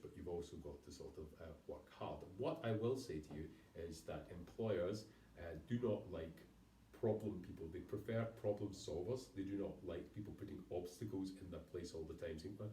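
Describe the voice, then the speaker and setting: A man's voice: sits low, brisk, warm tone, far from the mic, a little hiss or hum. A man giving a recorded university lecture, rambling with self-corrections and wry asides. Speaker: university lecturer, program leader. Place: room by a town hall. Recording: echoey room, voice off-mic.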